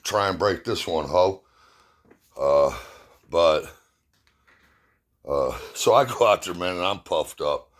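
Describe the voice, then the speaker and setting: A man's voice: on the low side, a bit bright. A middle-aged man casually telling rambling, profane, self-mocking stories and jokes to his viewers. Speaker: vlogger. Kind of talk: casual storytelling.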